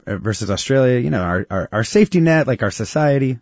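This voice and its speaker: A chatty man hosts a live radio interview with a bouncy, animated delivery. His studio sound is dry and a little muffled. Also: mid-range voice, a little fast, dry recording. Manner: lively and chatty, laughs easily. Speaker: radio show host.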